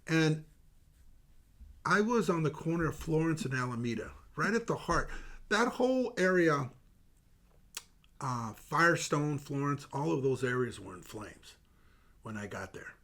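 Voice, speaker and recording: An older man, a retired detective, telling stories in an interview. He is animated, laughs often and stops to restart with many fillers. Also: on the high side, measured pace, pauses often. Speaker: retired homicide detective, guest. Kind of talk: animated anecdotal storytelling.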